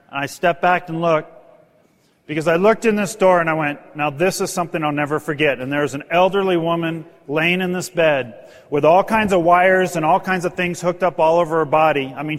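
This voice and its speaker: A man telling heartfelt stories to an audience in an earnest, emotional manner, as a motivational speaker. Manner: earnest, emotional, rises in pitch when stirred. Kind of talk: storytelling speech to an audience. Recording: long hall reverb.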